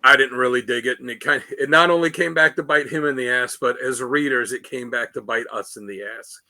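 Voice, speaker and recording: A man's voice: mid-range voice, a little fast, pushed and bright. A man co-hosting a comics podcast, giving his opinion bluntly in casual chat. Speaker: podcast co-host.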